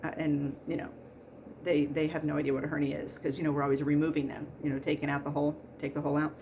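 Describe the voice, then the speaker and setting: Woman, 40s, nurse-turn-podcaster; exasperated and laughing, lowish voice, faint hiss behind. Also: flat delivery, fast, a little mellow. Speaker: pre-surgery nurse and podcast host. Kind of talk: casual comedic monologue.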